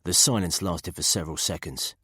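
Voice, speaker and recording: A man giving steady, measured scripted narration of a thriller audiobook. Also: low-pitched, husky, no echo, clean studio sound.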